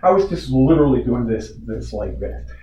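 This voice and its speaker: A man's voice: mid-range voice, animated, moderate pace. A man telling a board his complaint at a community meeting, indignant and full of rhetorical questions. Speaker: resident addressing a community board. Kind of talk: public comment at a meeting. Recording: echoey room, distant mic, dull sound, faint hiss.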